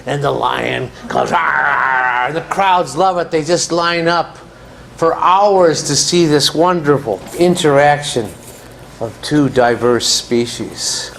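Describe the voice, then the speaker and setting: A man's voice: a little high, lively intonation, slow, creaky, slight background noise. Joking man giving an after-dinner talk. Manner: joking, conversational. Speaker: guest speaker.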